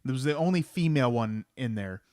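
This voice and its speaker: A man's voice: medium pitch, animated, a little fast, a little mellow, no echo, clean studio sound. A man co-hosting a movie podcast in laid-back casual chat, hesitating often. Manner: laid-back, many ums and uhs. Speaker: podcast co-host.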